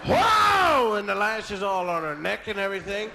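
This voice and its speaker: A male comedian telling a story on stage into a stage mic, animated, with yelled sound effects. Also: high voice, a little fast, creaky, heavy background noise. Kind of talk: stand-up storytelling. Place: on stage at a live show.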